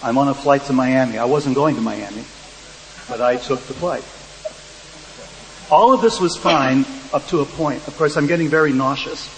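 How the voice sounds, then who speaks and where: A man's voice: mid-range voice, moderate pace, fairly bright tone. Man, mid-range voice, wry panel storyteller, reverberant hall with a faint hum. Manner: dry, wry storytelling with quoted dialogue. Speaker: panel speaker. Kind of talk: storytelling anecdote to an audience.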